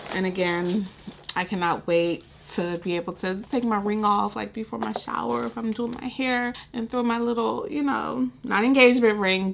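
A young woman hosting a casual unboxing vlog, talking in a gushing, excitable way. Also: medium pitch, gravelly, a little hiss or hum. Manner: gushing, excitable, says "so cute" and "little" a lot. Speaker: vlogger.

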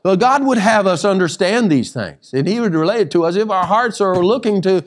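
High-voiced man teaching scripture. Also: expressive, brisk, hardly any pauses. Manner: emphatic, restarts phrases, reads scripture aloud. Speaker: Bible teacher. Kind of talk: sermon teaching.

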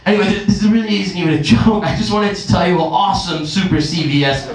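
High-voiced comedian, echoey and distant. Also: male voice, fast. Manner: rambling, crude, acts out voices in quotes. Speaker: stand-up comedian. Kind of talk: stand-up comedy set. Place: comedy club stage. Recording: echoey club recorded from a distance.

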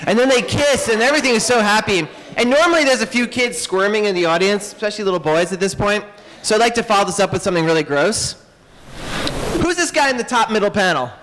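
An animated man tells myths to children at a library event, joking and darting into asides. His voice is high and lively. It echoes in a roomy hall with faint background noise. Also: fast talker. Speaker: author and illustrator. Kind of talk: lively storytelling talk to children. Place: public library event room.

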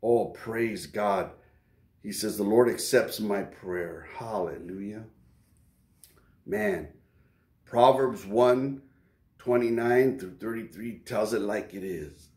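A man's voice: fairly low pitch, slow, pauses often, darkish tone, reverberant. A man preaching an informal sermon to prayer warriors, talking casually and emphatically and acting out quoted prayers.

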